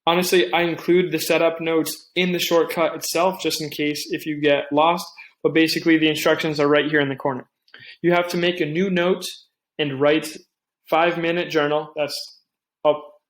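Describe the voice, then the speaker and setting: A young man hosting a casual tech tutorial, talking things through with asides and quick restarts. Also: a little high, flat delivery, reverberant. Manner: chatty, thinks aloud with restarts and asides. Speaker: tech tips host. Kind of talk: casual screen-recorded tutorial.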